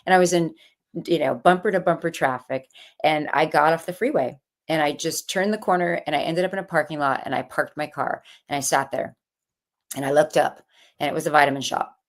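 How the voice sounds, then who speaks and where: A woman with a notably low voice tells her own story in a relaxed interview. She talks in an animated way, slipping into quoted voices as she recounts what people said to her. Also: brisk. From California. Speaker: guest, author.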